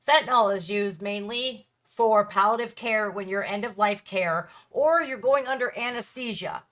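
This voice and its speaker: A woman's voice: mid-range voice, bright, forceful tone. A woman in her thirties hosting a reaction video, talking candidly and bluntly in a casual, emphatic way.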